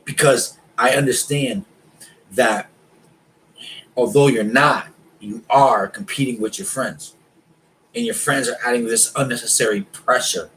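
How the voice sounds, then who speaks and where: A man's voice: mid-range voice, unhurried, pauses often, fairly bright tone, poor audio. Emphatic, opinionated man co-host in a casual chat, with faint noise behind him. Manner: emphatic, opinionated, says man and bro a lot. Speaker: podcast co-host.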